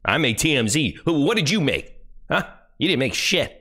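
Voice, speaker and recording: A man's voice: a little high, sing-song, normal speed, sharp tone, slightly rough. Angry, profane male streamer. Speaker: live streamer reacting to a video. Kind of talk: profane reaction rant.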